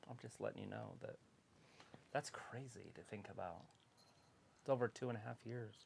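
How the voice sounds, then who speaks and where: A man's voice: on the low side, moderate pace, creaky, a little hiss or hum. A man co-hosting a casual livestream watch-along, tossing out offhand, laid-back opinions.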